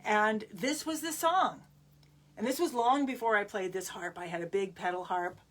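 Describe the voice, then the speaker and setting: A woman's voice: mid-range voice, normal speed, a bit bright, a little hiss or hum. A woman musician chatting to the camera, telling a story with lots of fillers and restarts.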